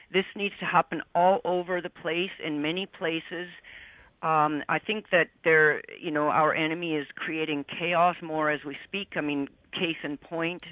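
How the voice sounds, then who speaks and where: A woman's voice: low-pitched, no room sound, phone-quality sound. A woman talking casually as a co-host, rambling and laughing between points. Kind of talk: casual chat.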